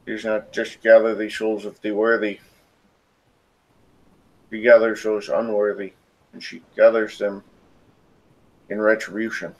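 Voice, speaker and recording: A man with a lowish voice runs a tabletop role-playing game as game master. He narrates in a halting way, with many fillers and restarts. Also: flat delivery.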